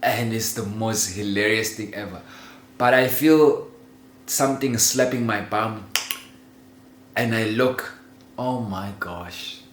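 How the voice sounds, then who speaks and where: A man telling a childhood story in a casual, animated way, laughing often and swearing freely. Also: lowish voice, slow, pauses often. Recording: roomy echo with faint ambient noise.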